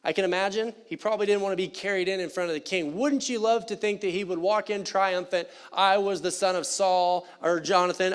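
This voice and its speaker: A man delivers a church sermon in a fairly high voice. He talks to the congregation in an animated, conversational way and drops playful asides between points. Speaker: pastor. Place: church sanctuary.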